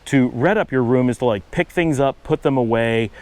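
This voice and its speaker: On a low-quality recording, a middle-aged man with a Buffalo accent from Western New York talks at a moderate pace in a medium-pitched, slightly dark voice. As a channel host giving a casual explanatory monologue, he stays patient, drifting into asides and fixing his own words.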